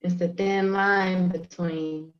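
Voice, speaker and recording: A woman performing spoken word poetry over a video call, with a measured, rhythmic delivery. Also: fairly low pitch, steady tone. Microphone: video call with choppy connection. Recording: dull lo-fi call audio.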